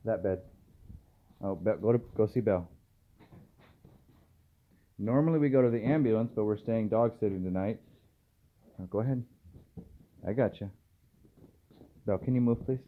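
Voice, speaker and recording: A man, a dog trainer, filming a casual vlog at home at night and softly murmuring to calm his dogs between remarks to the camera. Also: on the low side, normal speed, long pauses. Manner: soft, soothing murmurs to the dogs. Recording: tinny phone-like audio, faint hiss.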